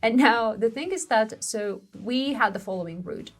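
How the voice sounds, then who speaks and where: Young woman hosting, chatty and animated, tells stories with lots of exclaiming. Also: a little high, moderate pace, heavy background noise. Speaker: co-host of a language-learning show. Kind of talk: casual conversational storytelling.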